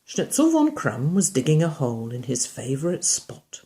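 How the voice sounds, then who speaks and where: A woman reading a picture book aloud to a young child. She stops to ask about the pictures, moving between bright exclamations and soft murmured asides. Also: very deep voice, sing-song, unhurried, few pauses. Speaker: reader to a child.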